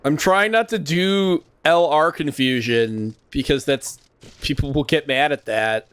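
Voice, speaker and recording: A man's voice: a little high, measured pace, fairly bright tone, clear, resonant tone. A man streaming a game live, chatting with crude humor and frequent laughter. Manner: crude, joking, laughs often.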